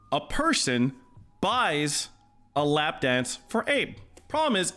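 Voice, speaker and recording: A man in his thirties, a streamer telling a story to his live chat in a casual, animated way, swearing freely. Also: high voice. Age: 30s.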